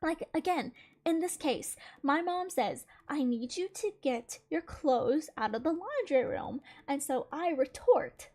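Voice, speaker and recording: A young woman streamer chatting casually while gaming, telling stories in an animated, giggly way. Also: sits high, unhurried.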